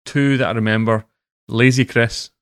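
A man's voice: mid-range voice, fairly even intonation, normal speed, a bit bright, clear, resonant tone, dry recording, clean studio sound. A man hosting a casual podcast, telling stories with wry, teasing asides. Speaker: podcast host. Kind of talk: casual banter.

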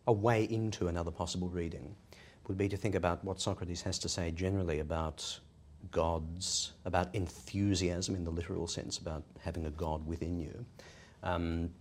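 A man explaining ideas in a measured academic discussion, posing rhetorical questions as he goes. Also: low-pitched, fairly even intonation. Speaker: podcast discussant.

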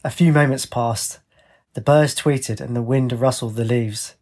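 A man narrating a story in a steady, plain reading voice. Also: medium pitch, a little slow.

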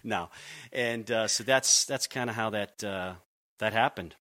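Man with a bright, dry voice. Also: fairly low pitch, measured pace, dry recording. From Connecticut, USA. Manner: earnest storytelling with many restarts. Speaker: youth pastor. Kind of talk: conversational podcast interview.

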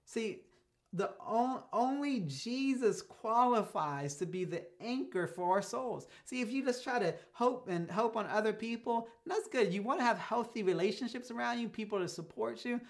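A man preaching a sermon as a pastor, telling stories in a casual, conversational way and shifting his pace for emphasis. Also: high voice. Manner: casual storytelling preacher, speeds up and slows down for emphasis.

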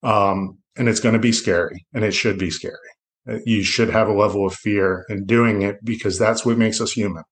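A man's voice: on the low side, fairly even intonation, normal speed. A middle-aged man from South Florida, a loan officer talking as a podcast guest in a reflective, rambling way with many restarts. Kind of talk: casual interview talk.

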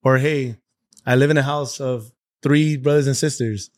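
A man's voice: medium pitch, fairly even intonation, moderate pace, no room sound, studio quality. A man hosting a podcast, asking earnest, probing questions in a casual interview chat. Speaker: podcast host.

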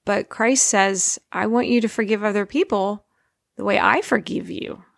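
A middle-aged woman giving an informal, earnest faith talk as a parent, slowing down to stress her points. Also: mid-range voice, vocal fry, no room sound, studio quality. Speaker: Christian speaker, parent.

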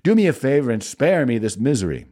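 A man's voice: mid-range voice, very animated, quick pace, warm tone. A man reading the part of an anguished older prophet who pleads with God in a raised, strained voice. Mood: pleading, exasperated.

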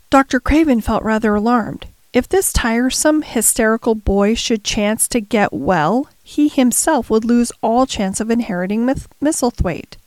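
A woman narrating a classic novel chapter in a measured storytelling manner. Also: fairly high pitch, darkish tone, dry recording. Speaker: audiobook narrator. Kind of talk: scripted narration.

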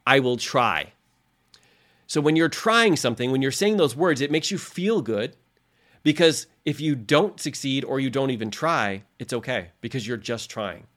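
A man's voice: mid-range voice, fairly bright tone. A man hosting a motivational podcast as a coach, talking straight to his listeners in an earnest, direct way.

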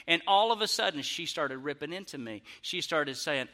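A young adult man tells a stand-up story, laughing and mocking himself as he goes. His voice sits fairly high. His tone is very bright and sharp. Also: normal speed, few pauses. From Arkansas, US. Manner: animated, laughing, self-mocking. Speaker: comedian.

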